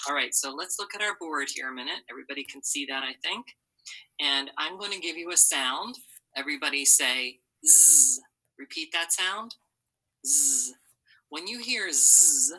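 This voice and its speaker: A woman teaching a phonics lesson with an unusually deep voice and a sharp, bright edge to it. She walks students through each step patiently and models every sound for them to repeat. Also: poor audio.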